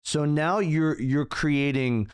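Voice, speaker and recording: A young adult man co-hosts a business podcast, chatting casually and animatedly, acting out sample dialogue and leaning heavily on fillers like "like." His voice is a little high, smooth, and slow, recorded in a clean studio with no echo.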